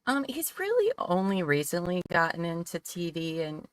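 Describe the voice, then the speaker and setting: A woman hosting a relaxed livestream chat, talkative and giggly, gushing about her favorite shows. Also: on the low side, normal speed, clear, resonant tone, no echo. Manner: chatty and giggly, gushes over favorite shows. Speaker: livestream host. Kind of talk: casual chat.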